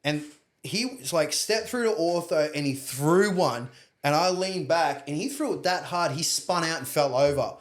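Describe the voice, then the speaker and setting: A young Australian man, a podcast guest, telling stories in casual chat with plenty of slang and swearing. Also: fairly high pitch. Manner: swearing, storytelling, quick slang.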